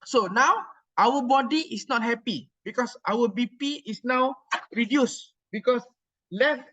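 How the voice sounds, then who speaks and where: A woman's voice: on the high side, measured pace, fairly bright tone, husky, dull audio. A woman lecturer with a Malaysian English accent giving a medical lecture, code-switching, repeating phrases and checking that students follow.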